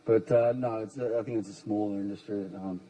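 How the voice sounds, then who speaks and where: Easygoing Australian man with a mellow voice. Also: on the low side, fairly even intonation, quick pace, rough recording. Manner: easygoing, laughing, self-deprecating. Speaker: actor guest. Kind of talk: talk show interview. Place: TV studio with live audience.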